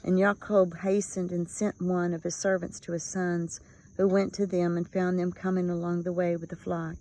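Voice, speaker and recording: A woman reads scripture aloud in a low, even voice that stays close to one pitch. She gives the quoted speech earnest, dramatic weight. Faint crickets and insects chirp in the background. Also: moderate pace, a little hiss or hum, poor audio. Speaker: scripture reader. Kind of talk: reading aloud from a religious text.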